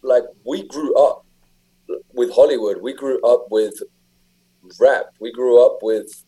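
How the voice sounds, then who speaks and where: A man's voice: mid-range voice, slow pace, mellow, slightly rough, rough recording. A young English man chatting casually, telling stories with lots of fillers and restarts. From England. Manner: rambling, filler-heavy storytelling. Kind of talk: casual chat.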